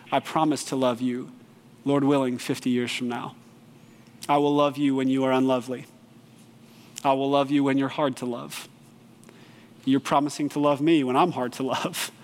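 A man giving a sermon as pastor, earnest and lively, with bursts of animated storytelling. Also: medium pitch, long reverb tail.

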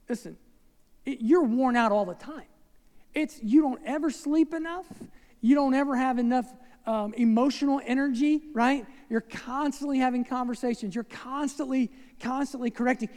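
A man's voice: extremely high pitch, darkish tone. A man preaching a sermon in a conversational way, with asides and rhetorical questions to the congregation. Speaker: pastor. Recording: long reverb of a large hall.

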